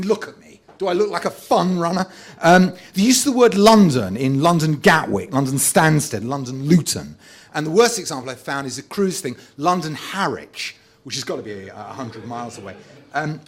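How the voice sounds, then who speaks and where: A man's voice: a little high, a little mellow. Sardonic man reading complaints live. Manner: dry, sardonic list of complaints. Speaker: author reading from his book. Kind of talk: live stand-up reading of a list. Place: live comedy event before an audience.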